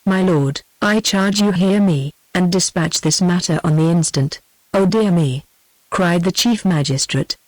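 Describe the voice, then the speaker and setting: A synthetic text-to-speech voice reading a classic novel aloud in a flat, even manner, speaking punctuation marks as words. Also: medium pitch, measured pace, hardly any pauses, no echo, low-quality recording. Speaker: audiobook narrator. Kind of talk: scripted narration.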